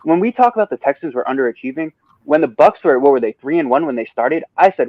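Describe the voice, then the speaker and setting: A man's voice: fairly high pitch, expressive, fast, no echo, highs cut off. A man giving sports betting picks on a podcast, ranting and swearing, then apologizing for it. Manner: ranting, profane, apologetic asides. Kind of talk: casual sports betting talk. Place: a different place than usual.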